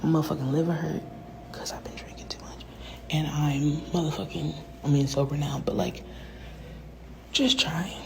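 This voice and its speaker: A woman's voice: low voice, fairly even intonation, normal speed, vocal fry, long pauses, noisy background. A woman rapper in a profane, rambling livestream rant that often sinks to a whisper.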